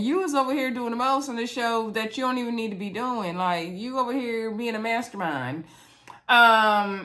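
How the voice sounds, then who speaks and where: A woman's voice: mid-range voice, fairly bright tone. Sassy chatty woman recapping a show. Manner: chatty and sassy, acts out quotes. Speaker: reality show recap host. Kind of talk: casual recap monologue.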